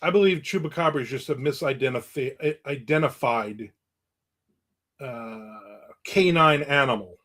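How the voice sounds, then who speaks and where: A man's voice: medium pitch, moderate pace, a bit bright. A man in his fifties who hosts a livestream, chatting casually and sarcastically while answering viewer comments, often laughing. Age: 50s. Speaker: livestream host.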